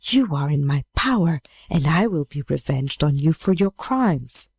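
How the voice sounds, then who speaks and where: A scorned witch maiden hurls stern accusations, as a woman reads her lines. The voice sits low and mellow, and the recording is dry and close. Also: lively intonation, measured pace, slightly rough, dry recording, full character voice. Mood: accusing.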